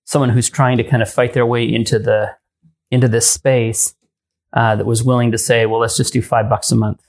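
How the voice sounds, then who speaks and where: A man hosts a casual tech chat and works through his thoughts out loud, pausing on ums and restarting sentences. His voice sits at an ordinary middle pitch. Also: level tone. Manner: thinking aloud, many ums and restarts. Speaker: podcast host.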